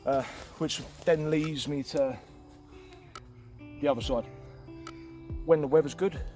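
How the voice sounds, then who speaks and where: A man casually explaining a camp setup outdoors in the woods, chatty and relaxed, with frequent fillers. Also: fairly high pitch, takes it slowly, faint music behind. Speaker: outdoor channel host.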